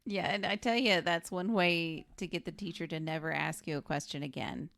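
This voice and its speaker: A woman co-hosting a podcast, dropping short, wry comments into a casual conversation about a film. Her voice is low with a gravelly fry. The sound is close and dry. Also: steady tone, normal speed, a bit bright, no room sound. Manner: short wry interjections and laughter. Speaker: podcast co-host. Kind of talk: casual chat.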